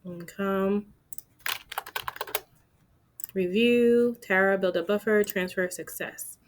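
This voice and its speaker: A woman's voice: medium pitch, takes it slowly. A woman talking casually to viewers while doing her budget, chatty and playful with asides to herself. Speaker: budgeting vlogger. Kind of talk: casual talk-through of budgeting.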